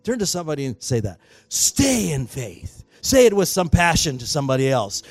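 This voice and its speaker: Male pastor, fairly high voice, dry close mic, soft music under; emphatic sermon with call-and-response prompts. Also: very animated, moderate pace, few pauses, no room sound. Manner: emphatic, rising to loud exhortation, prompts the congregation. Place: church sanctuary.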